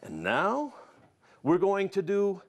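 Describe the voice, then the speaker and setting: A man's voice: high-pitched, huge pitch swings, takes it slowly. A man with a flamboyant, boastful showman's manner, demonstrating his food products on a TV cooking segment. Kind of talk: cooking demo on a TV show.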